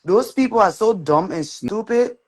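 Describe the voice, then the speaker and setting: Liberian speaker, casual live chat, interrupting, insists on finishing, mid pitch. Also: expressive, moderate pace, a little mellow.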